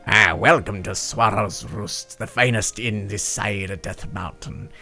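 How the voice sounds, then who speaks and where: A man's voice: fairly low pitch, measured pace, gravelly, pushed and bright, faint music behind, heavily acted. A man voicing a chatty male bird-folk innkeeper in a mock Irish-Scottish accent. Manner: chatty, rambling.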